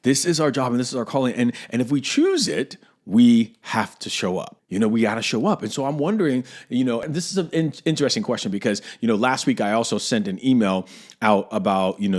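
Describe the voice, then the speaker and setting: A man with a fairly low voice speaks straight to his listeners as an acting coach hosting his own podcast. His tone is earnest and conversational, and he repeats key phrases to hammer them home. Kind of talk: casual podcast monologue.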